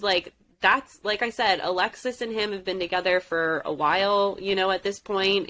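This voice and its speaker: A woman's voice: medium pitch, bright, forceful tone. A young woman co-hosting a podcast, chatting casually with emphatic, opinionated takes. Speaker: podcast co-host. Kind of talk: casual chat.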